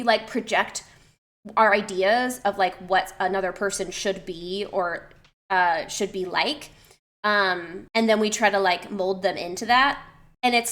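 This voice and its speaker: Woman streamer, young adult, casual chat to her viewers, thoughtful, full of ums and restarts; middle pitch. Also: pushed and bright. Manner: reflective, with many fillers and restarts. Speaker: streamer and personal trainer.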